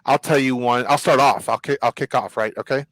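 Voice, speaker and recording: A man hosting a casual chat show, telling stories in an animated way. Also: mid-range voice, fairly quick, no room sound, low-quality recording. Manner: animated storyteller. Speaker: host.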